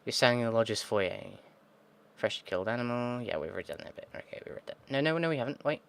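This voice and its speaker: Male let's-play host reading game text, mid-pitched, cursing asides, thinking aloud. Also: lively intonation, fast, vocal fry, fairly bright tone, clean tone. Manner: swears often, mutters frustrated asides; thinks aloud, reads text then reacts. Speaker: gaming video host.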